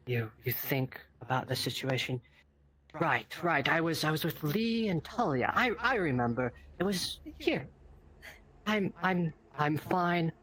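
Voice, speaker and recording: A man narrating a roleplay in dramatic second person, slow and breathy, building to intense climaxes. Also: a little high, fairly bright tone. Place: online voice chat.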